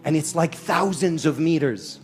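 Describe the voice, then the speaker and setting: A man preaching a lively sermon to a live audience in a hall, telling stories with acted-out voices and mixing in Arabic phrases. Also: on the high side, normal speed, soft background music. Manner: animated storyteller, acts out shouting characters; mixes Arabic phrases and Quranic recitation. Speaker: Islamic preacher.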